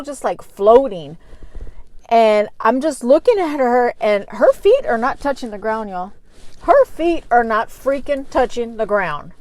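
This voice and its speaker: Middle-aged vlogger, lively and chatty, slightly high-pitched woman telling a story. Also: rough recording. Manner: animated, addresses viewers as y'all. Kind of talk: casual storytelling to viewers.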